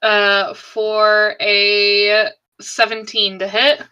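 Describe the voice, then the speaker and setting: A woman's voice: medium pitch, little pitch movement, very slow, muffled recording, noisy background. A woman playing a tabletop game, stating her character's attacks in a plain, matter-of-fact way. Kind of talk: declaring moves in a tabletop game.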